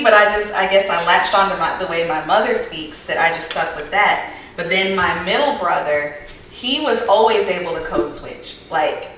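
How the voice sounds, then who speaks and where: Echoey far-off woman, low voice. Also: fairly bright tone. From southern United States. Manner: rambling, thoughtful, many fillers. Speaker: podcast co-host. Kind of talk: casual chat. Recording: very echoey room, mic far off, faint hiss.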